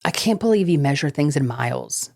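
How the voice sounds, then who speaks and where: A woman with a somewhat low voice chats easily as a podcast co-host. She rambles with plenty of fillers and laughs. Every so often she reads from her notes about haunted places. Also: animated, a little fast, creaky, a little mellow. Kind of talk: casual chat; reading ghost-story notes between chat.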